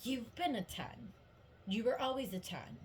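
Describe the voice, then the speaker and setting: A woman gives her viewers a casual tarot reading in a fairly high, animated voice at normal speed, with a little hiss or hum in the audio. She rambles cheerfully, giggles often, says "like" constantly, and stays upbeat and encouraging.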